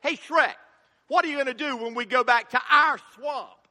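A man voicing an excitable male talking donkey that pleads in a high, loud voice. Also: moderate pace, in a large hall, heavily acted. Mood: pleading.

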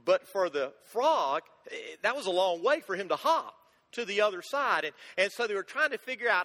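A preacher speaking in a high, bright voice. He tells folksy stories and drives home each point by repeating it. His voice rings with a long hall reverb. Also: big pitch swings, normal speed. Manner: folksy storyteller, emphatic repeats. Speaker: pastor. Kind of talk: sermon.

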